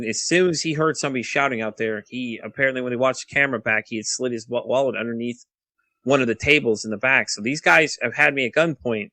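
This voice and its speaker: A podcast guest in his thirties tells a casual story in a quick, bright, forceful voice of medium pitch. He swears often and rushes ahead restlessly, tumbling over his words and restarting sentences. The recording is close and dry, with no echo or room sound.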